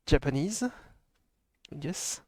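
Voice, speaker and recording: A man's voice: on the high side, animated, slow pace, a little mellow, no echo. A man with a French accent, hosting a casual live stream and chatting with a laugh in his voice. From France. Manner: chatty, laughs often, mixes in French phrases. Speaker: stream host.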